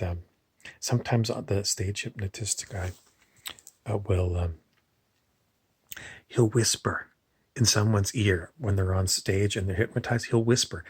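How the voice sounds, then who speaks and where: Husky, rambling man talking casually. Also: lowish voice, a little mellow, dry recording. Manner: digressive, loose, with many fillers and restarts.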